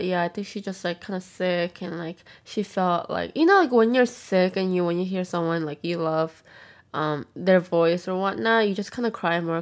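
A young adult woman vlogger chatting casually on camera while eating, rambling through a story full of filler words and acting out what others said. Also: lowish voice. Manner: rambling storyteller, acts out quotes.

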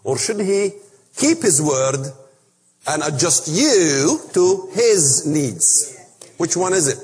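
Animated preacher man in a reverberant hall. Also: on the high side, slow. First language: Arabic. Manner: emphatic, animated, rhetorical questions. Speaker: speaker on biblical prophecy. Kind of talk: preaching Bible lesson.

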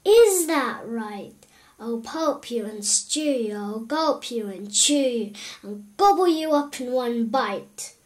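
A woman's voice: fairly high pitch, lively intonation, slow pace. A woman voicing a grumpy, hungry male giant in a storybook read-aloud, blustery and gloating. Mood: menacing.

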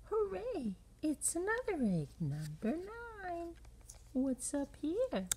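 Brief: woman, storybook reader, very slow and sing-song, high animated voice, playful whispers. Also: a little hiss or hum. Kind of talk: reading a children's picture book aloud.

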